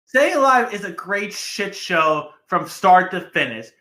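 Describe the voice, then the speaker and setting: A man's voice: high voice, big pitch swings, unhurried, sharp tone. A man co-hosting a movie podcast, playfully arguing in casual chat. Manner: playful, argumentative. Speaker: podcast co-host.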